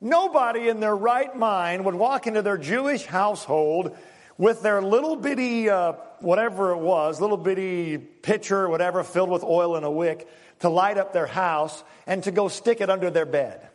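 A man, a pastor preaching a sermon in an animated, conversational way, acting out little scenes for the congregation. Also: high voice, moderate pace, in a large hall.

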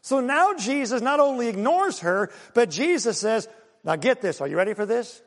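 A man preaching a sermon, animated and full of rhetorical questions and acted-out asides to the congregation. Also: very high voice, fairly quick, big-room sound. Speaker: pastor.

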